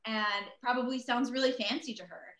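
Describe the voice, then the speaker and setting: A woman's voice: on the high side, brisk, fairly bright tone. A woman in her thirties, a voice actress guest, chatting casually over a video call with lots of fillers and self-deprecating asides. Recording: roomy echo.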